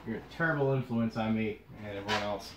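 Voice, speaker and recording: A man's voice: on the low side, fast talker, noisy background. Exasperated young man opening card packs. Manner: frustrated, swings between muttering and outbursts. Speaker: card pack opener. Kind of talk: casual pack-opening vlog.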